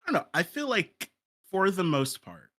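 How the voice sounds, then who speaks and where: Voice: mid-range voice, big pitch swings, normal speed, fairly bright tone. A stream co-host chatting casually, easygoing and laughing often, often trailing off mid-sentence. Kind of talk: casual livestream chat.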